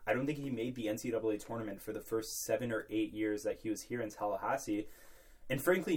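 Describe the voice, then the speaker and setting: A young man with a lowish, slightly mellow voice co-hosts a college podcast. He tells rambling, jokey stories before the talk turns to sports, keeping it a casual chat.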